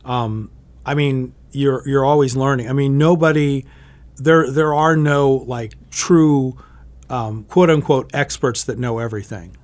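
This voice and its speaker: Unhurried and a little mellow, this middle-aged TV meteorologist's mid-range voice carries rambling stories through a casual interview. He self-corrects often, restarting his sentences.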